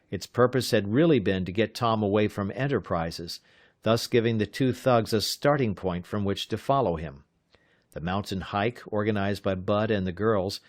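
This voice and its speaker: A man narrating an adventure audiobook in a measured, steady reading. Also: fairly low pitch, no room sound, clean studio sound. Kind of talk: scripted narration.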